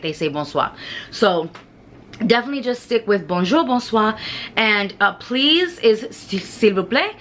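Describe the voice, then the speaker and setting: A woman's voice: medium pitch, a bit bright. A woman giving casual travel tips to camera in a frank, chatty way with mild swearing. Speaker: travel vlogger.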